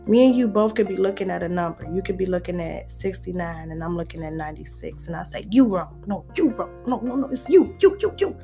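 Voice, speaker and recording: Chatty woman with soft guitar behind. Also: mid-range voice. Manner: chatty, playful, preachy. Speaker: vlogger. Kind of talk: casual chat to camera.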